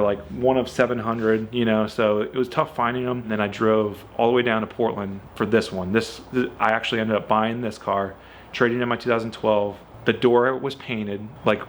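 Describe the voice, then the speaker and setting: A man's voice: lowish voice, slight background noise. Chatty man telling a car story. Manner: chatty, fills with "like" and "you know"; animated, acts out quoted dialogue. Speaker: car owner. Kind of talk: casual storytelling to camera.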